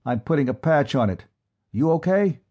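A man voicing a grim, steady male marine private who reports matter-of-factly. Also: fairly high pitch, moderate pace, lo-fi sound, voice pushed up.

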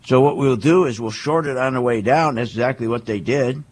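A man with a husky voice giving an emphatic monologue, firing off rhetorical questions and acting out quoted voices. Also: mid-range voice, brisk. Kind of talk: animated monologue on markets.

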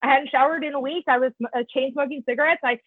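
A podcast guest, an author in recovery, tells her story in a candid, conversational way over a tinny, dry phone line with no echo. Her high voice is fast and steady in tone, and she swears freely, peppering her talk with "like" and "you know."

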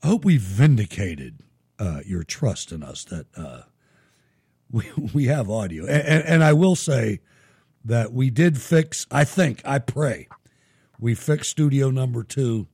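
Gravelly, lively middle-aged male host. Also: medium pitch, measured pace. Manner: animated, profane storytelling. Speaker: show host. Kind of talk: casual live-show chat.

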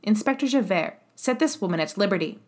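A woman reading a calm, quiet-spoken mayor, Madeleine. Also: medium pitch, fairly quick, natural voice. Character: calm, dignified male mayor.

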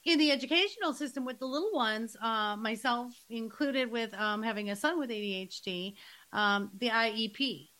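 A woman's voice: fairly high pitch, normal speed, pushed and bright. A middle-aged woman hosting a podcast, chatting casually with her guest and affirming what she hears. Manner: enthusiastic, affirming interjections. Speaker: podcast host and coach. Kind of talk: casual interview conversation.

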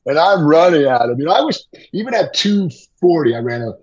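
A middle-aged man, a guest on a podcast, telling an animated story with excitement and laughter. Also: a little high, fairly quick, dull audio. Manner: excited, laughing anecdote teller. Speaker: guest, former TV gladiator.

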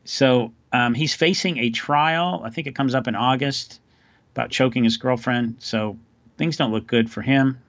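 A man's voice: medium pitch, normal speed, fairly bright tone, no room sound, dull audio. A man hosting a podcast, telling stories in a loose, rambling, wry way. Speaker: podcast host. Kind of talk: casual chat.

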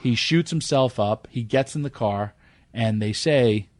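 A man's voice: medium pitch, measured pace, dry recording. A man who runs wrestling shows tells a wild backstage story in an interview, acting out the voices of the people in it. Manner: acts out the people in his story with a raised voice. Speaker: wrestling promoter.

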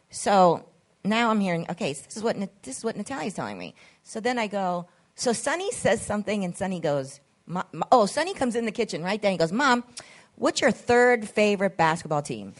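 Lady podcast host rambling through a story, slightly low voice, does everyone's voices. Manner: animated, acts out quoted voices, swears freely. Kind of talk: casual storytelling chat.

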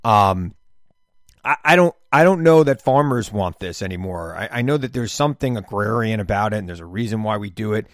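Give me a low-voiced middle-aged man chatting loosely as a podcast host, very dry sound. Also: lively intonation, a little fast, dry recording. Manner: rambling, self-interrupting, stammers on restarts. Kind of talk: casual chat.

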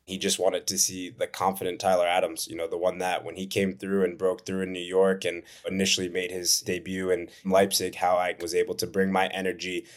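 A man's voice: low-pitched, completely flat delivery, fairly quick, few pauses. A man, a footballer answering interview questions in an earnest, reflective way. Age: 20s. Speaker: professional footballer, guest.

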